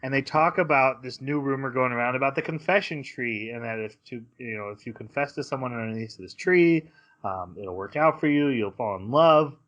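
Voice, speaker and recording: A man's voice: medium pitch, fairly quick, fairly bright tone, lo-fi sound. A man co-hosting a podcast, recapping episodes in casual chat and acting out characters' lines as he goes. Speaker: podcast co-host.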